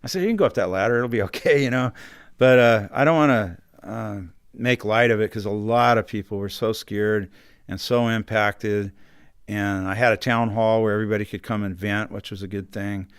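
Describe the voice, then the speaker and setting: A man's voice: lowish voice, steady tone, moderate pace, clear, resonant tone, no room sound. A middle-aged man, a county supervisor, earnestly telling his story as a studio guest and acting out the phone calls he quotes. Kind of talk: recounting a personal story in an interview. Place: radio studio.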